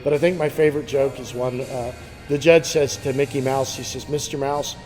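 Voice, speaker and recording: A man's voice: mid-range voice, steady tone, a little fast, darkish tone, faint music behind, poor audio. A man who tells jokes in a dry, hesitant way during a casual interview. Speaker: comedy student.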